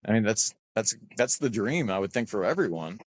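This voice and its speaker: Laid-back dude rambling on a podcast, dry close sound. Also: male voice, on the low side, animated, a little fast, no room sound. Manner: loose, rambling, easygoing, says "man" a lot. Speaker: podcast guest. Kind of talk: casual interview chat.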